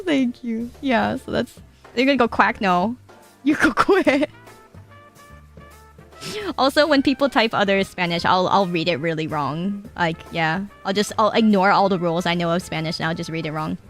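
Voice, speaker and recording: A woman's voice: mid-range voice, fairly bright tone. A young Japanese woman chatting casually to her live-stream chat, giggly and rambling, swearing now and then. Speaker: VTuber streamer.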